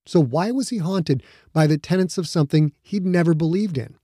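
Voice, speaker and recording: A man reading a novel aloud as narrator, measured and even. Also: fairly high pitch, no room sound, studio quality. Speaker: audiobook narrator. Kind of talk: scripted narration.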